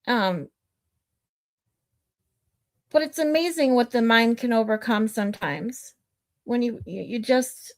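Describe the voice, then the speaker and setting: Hosting a livestream, a middle-aged woman speaks casually to her audience in a slightly high voice with lively intonation. She goes slowly and pauses often, rambling into side stories, reading viewer comments and laughing frequently.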